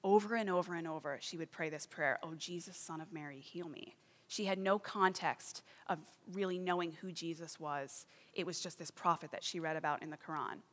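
A woman's voice: lowish voice, brisk, few pauses. Earnest woman preaching in a reverberant hall. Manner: earnest, building to fervent emphasis. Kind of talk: sermon with a read-aloud testimony.

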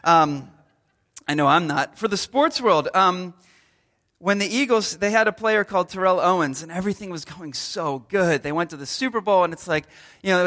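A man's voice: a little high, sharp tone. A man in his thirties giving a loose, humorous sermon as a pastor, telling everyday stories with lots of fillers and restarts. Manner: humorous storytelling, acts out little scenes. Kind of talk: conversational sermon.

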